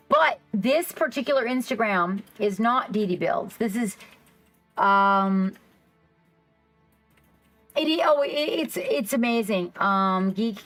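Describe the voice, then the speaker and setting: A woman hosting a casual livestream, rambling excitedly and reacting to her chat. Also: mid-range voice, rough recording. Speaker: livestream host. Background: faint background music.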